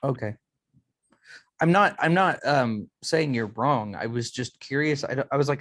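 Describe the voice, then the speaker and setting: A man's voice: mid-range voice, moderate pace, a bit bright, dry recording. A man narrating as game master of a tabletop game, easygoing and full of fillers.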